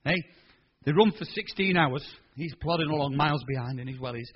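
Husky preacher in his sixties. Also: on the high side, fast talker, highs cut off. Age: 60s. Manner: animated, colloquial storytelling with quoted voices. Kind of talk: storytelling sermon.

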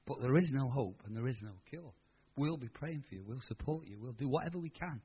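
A man voicing a grave older doctor who speaks low and hushed while breaking bad news. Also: expressive, brisk, breathy edge, highs cut off. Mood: sombre.

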